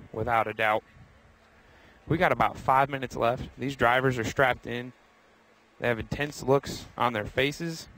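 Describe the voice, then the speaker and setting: A young man hosts a live walking tour of a racetrack garage outdoors, talking upbeat and chatty as he moves and calling out viewers by name. His voice sits in a middle register with a fairly bright tone, though the recording is rough.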